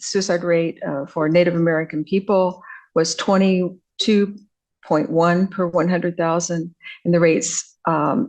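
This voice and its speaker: An older woman with a somewhat low voice gives an academic lecture. She talks in a halting way, full of fillers and restarts. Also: a little mellow, low-quality recording. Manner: hesitant, many fillers and restarts. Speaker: visiting scholar lecturer.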